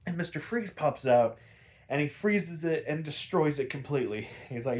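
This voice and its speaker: A man's voice: a little high, lively intonation, normal speed, darkish tone. A man hosting a podcast, casually recapping an episode in a rambling way with lots of fillers and easy swearing. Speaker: podcast host.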